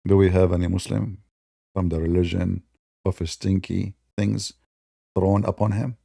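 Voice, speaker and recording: Man, gravelly dark voice, sarcastic combative online debater, non-native English phrasing. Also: sits low, little pitch movement, unhurried, dry recording, clean studio sound. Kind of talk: polemical monologue.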